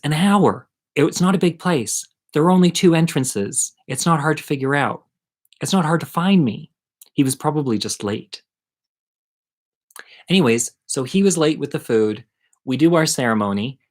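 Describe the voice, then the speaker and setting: A middle-aged man telling a personal story at home in a chatty, animated, self-mocking way. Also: mid-range voice. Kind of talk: casual storytelling monologue.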